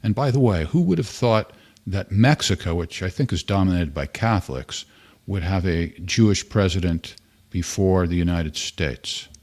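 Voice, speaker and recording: A man's voice: low voice, expressive, normal speed, darkish tone. A man hosting a podcast, chatting in a rambling, conversational way. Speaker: podcast host. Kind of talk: casual chat.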